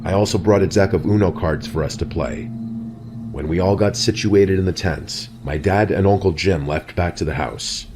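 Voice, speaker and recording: A man narrating a scripted horror story in a steady, even storytelling delivery. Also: sits low, normal speed. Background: soft background music.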